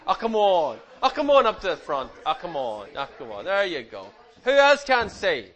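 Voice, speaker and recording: Middle-aged man, higher-pitched voice, relaxed chatty slideshow presenter who teases the kids. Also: normal speed, muffled recording. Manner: chatty, teasing, animated with the audience. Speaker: speaker presenting slides to a group. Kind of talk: informal slideshow talk to a young audience.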